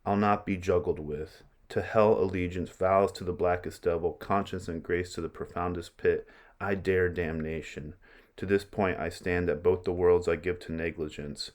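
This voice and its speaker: A furious young nobleman out for revenge, read aloud by a man. The voice is low and the delivery stays close to a plain reading. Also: steady tone, moderate pace, lightly acted. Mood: angry.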